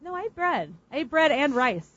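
A woman's voice: sits high, big pitch swings, brisk, a bit bright, no room sound, highs cut off. A woman guest on a radio chat, making wry, dry-witted remarks.

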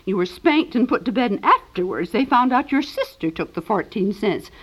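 An actress playing a talkative, sentimental elderly aunt in a 1950s radio comedy. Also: female voice, a little high, very animated, normal speed, slightly rough. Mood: doting. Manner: chattering, sentimental, theatrical. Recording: dull old radio broadcast.

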